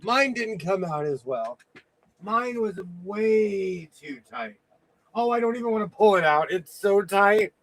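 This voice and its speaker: A man's voice: high voice, animated, unhurried, a bit bright. A man hosting a sewing livestream in casual chat, playful, breaking into bits of song and laughter.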